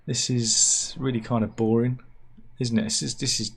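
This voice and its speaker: A man chats through the day's odd news stories in an offhand, satirical way. His voice is a little husky and sits at an ordinary middle pitch. He breaks in with deadpan asides and bursts of mock outrage. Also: normal speed. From United Kingdom. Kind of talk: offhand comic news chat.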